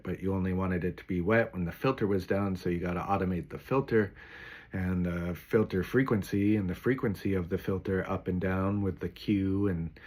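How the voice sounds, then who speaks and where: A man who makes music videos, talking slowly and clearly into a microphone to record a voice sample, often listing single words. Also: low-pitched, darkish tone. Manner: slow, deliberate and clear, listing words one by one. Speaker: YouTuber and music producer. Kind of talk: unscripted talk for a voice-cloning sample.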